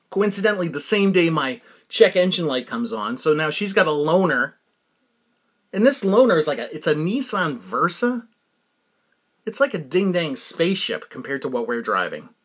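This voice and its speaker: A man's voice: on the high side, fairly bright tone. A man hosting a podcast in a rambling, casual comic monologue who laughs often at his own stories. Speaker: podcast host.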